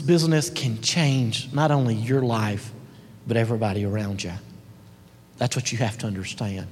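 Guy giving a heartfelt testimonial speech, mid pitch, long hall echo. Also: fairly even intonation, normal speed, breathy edge. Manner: earnest storytelling, swinging between loud and hushed. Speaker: marketing director giving a testimonial.

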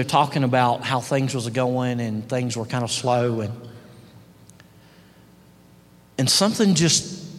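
A man delivers a motivational testimonial. His voice sits at a middle pitch and swings between loud, pushed lines and hushed ones. The sound carries a long reverb from a large hall. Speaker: marketing director giving a testimonial.

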